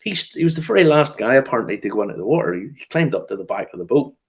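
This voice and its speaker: A man hosts a whiskey news show as a casual chat, laughing often and telling stories packed with fillers and restarts. His medium-pitched voice is very animated and rapid-fire.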